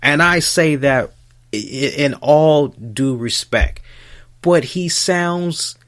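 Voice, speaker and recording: Male podcast host, slow and profane, rambling rant, slightly high pitch. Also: fairly bright tone.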